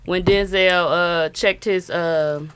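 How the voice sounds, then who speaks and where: A woman's voice: lowish voice, steady tone, takes it slowly, fairly bright tone, clear, resonant tone. A woman in casual chat with friends, retelling TV scenes and laughing easily. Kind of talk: casual group chat about a TV show.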